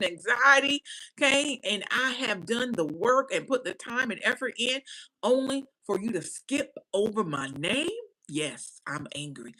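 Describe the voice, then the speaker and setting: Woman ranting to camera, sharp bright voice, keeps going "right? okay?", hammering every point. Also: fairly high pitch, low-quality recording. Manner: emphatic, repetitive, punctuates with "right?" and "okay?"; animated, preacher-like cadence. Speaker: commentary vlogger. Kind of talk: casual commentary.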